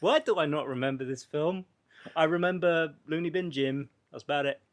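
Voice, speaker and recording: A man's voice: on the high side, normal speed. A man co-hosting a podcast, chatting casually about a film with teasing, sardonic remarks and swearing. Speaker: podcast co-host. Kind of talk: casual film review chat.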